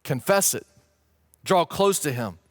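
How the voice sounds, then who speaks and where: An earnest male pastor preaching a sermon in a fairly high voice. He is emphatic and builds into pleading questions. The sound is close and dry. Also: lively intonation, unhurried, no room sound. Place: church stage or studio, streamed online.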